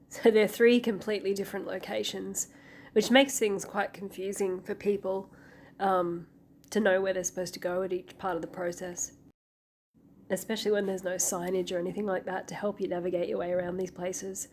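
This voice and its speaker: A woman's voice: mid-range voice, little pitch movement, normal speed, a little mellow, slight background noise. Woman travel vlogger, voice a bit sick, practical and wry. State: sick-sounding voice. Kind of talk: informative travel vlog.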